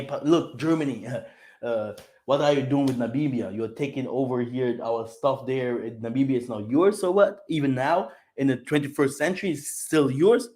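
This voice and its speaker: A man speaking as a delivers heated political commentary to his channel audience. His voice sits at an ordinary middle pitch, and he swings between loud bursts and quiet asides. He often repeats words and checks in with a "yeah?". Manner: repeats words, frequent tag questions "yeah?". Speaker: channel host.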